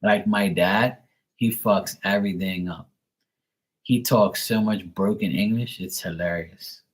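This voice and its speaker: Homem de voz grave, conversa solta e desbocada. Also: male voice, fairly low pitch, a little slow. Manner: loose, profane and laughing, imitates accents. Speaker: live tarot reader and streamer. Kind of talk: casual live-stream chat.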